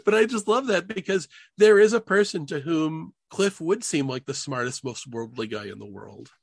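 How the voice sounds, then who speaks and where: Animated man chatting about TV. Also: a little high, moderate pace, gravelly, dry recording. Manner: animated, laughs often. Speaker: podcast co-host. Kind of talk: casual chat about TV.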